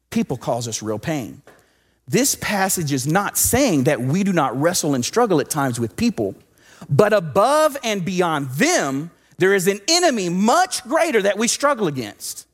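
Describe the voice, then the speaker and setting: A man from Southwest Texas preaches a sermon built around a personal story. His voice sits a bit high and moves a lot, rising and dropping through the lines. He swings from loud, emphatic bursts to hushed asides. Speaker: pastor.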